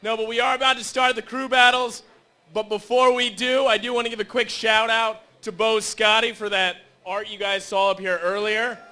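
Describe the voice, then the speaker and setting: Bright, high-voiced joking emcee man. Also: level tone, moderate pace. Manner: playful, teasing, shouts to hype the crowd. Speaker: tournament emcee. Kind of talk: joking crowd introduction. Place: large indoor tournament venue.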